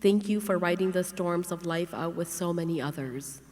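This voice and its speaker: A woman's voice: on the low side, normal speed, darkish tone. Gracious woman author greeting a hall. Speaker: author and speaker. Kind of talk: conference talk. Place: conference hall. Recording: reverberant hall with faint music.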